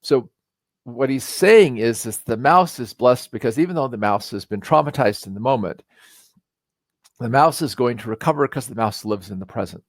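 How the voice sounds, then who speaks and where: Male lecturer, mid pitch, dry close sound, casual and explanatory, slows down for readings. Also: no room sound. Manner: reads verse slowly, with deliberate emphasis; explains in a relaxed, conversational way with fillers. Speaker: teacher. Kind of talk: recorded lecture.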